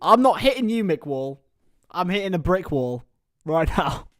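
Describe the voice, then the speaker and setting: A young man hosting a casual live stream, chatting with viewers by name and bursting into excited shouts. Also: sits high, normal speed, no echo, clean studio sound. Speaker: livestream host.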